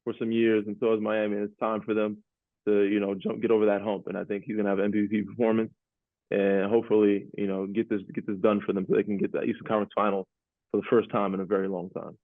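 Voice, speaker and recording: A man's voice: lowish voice, little pitch movement, fast talker, no room sound. Laid-back man on a tinny line. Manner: laid-back, laughs often, repeats himself. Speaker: podcast host, former NBA player. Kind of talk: casual sports chat. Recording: tinny phone-like audio.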